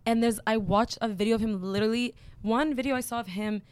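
A young woman talking as a podcast guest in casual chat, animated and peppered with "like" and swearing. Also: on the high side, fast talker, clear, resonant tone, no room sound.

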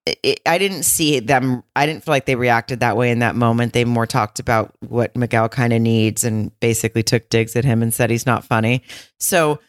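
Woman podcast host w a really deep voice, chatty, lots of ums, dry sound. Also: fairly even intonation, moderate pace, no room sound. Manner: chatty, hesitant with fillers, mimics others in high squeaks. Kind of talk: casual chat.

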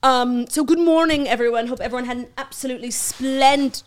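A woman's voice: sits high, a little fast. Bubbly joking woman co-host. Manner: bubbly, joking, laughs often. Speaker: podcast co-host. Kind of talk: casual chat.

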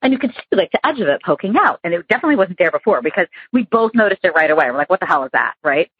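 A woman's voice: lowish voice, very animated, racing, slightly rough, no room sound. A young adult woman calling in to tell a ghost story, chatty and rambling with many fillers, over a phone line. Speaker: caller telling a ghost story.

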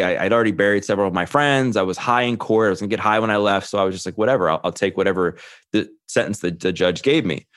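Low-voiced man telling his story. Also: fairly bright tone, no echo, studio quality. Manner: earnest, quotes people in his story, quick bursts. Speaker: podcast guest. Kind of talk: candid storytelling.

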